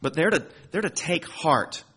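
A man's voice: on the high side, expressive, moderate pace, a bit bright, husky. A man preaching a sermon as pastor, earnest and building to emphatic peaks as he reads and explains scripture.

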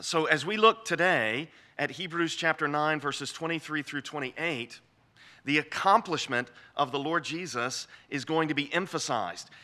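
A man giving a measured lecture on scripture, explaining the text step by step and often restarting his phrases. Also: a little high, sharp tone. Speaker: Bible teacher.

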